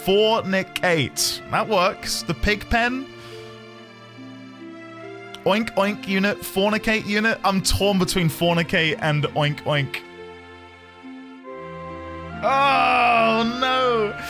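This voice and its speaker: A man with a high voice streams a video game over music, taking his time as he speaks. He keeps the let's-play chatter casual, joking around and breaking into laughter.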